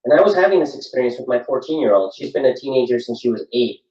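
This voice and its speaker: A middle-aged man talks through his experience at a parenting workshop, earnest and reflective, often repeating phrases for weight. He sits some way off from the mic, so his voice carries a roomy echo. The recording is dull and low in clarity. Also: expressive, fast talker, a little mellow. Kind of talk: workshop talk. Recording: echoey room from far off, dull sound.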